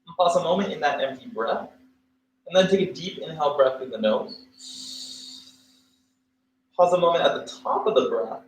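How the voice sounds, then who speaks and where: A man's voice: a little high, normal speed, pauses often, dull audio. Casual man cueing a yoga class. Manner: relaxed, casual cueing with fillers and jokes. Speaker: yoga teacher. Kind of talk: livestreamed yoga class instruction. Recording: echoey room with faint ambient noise.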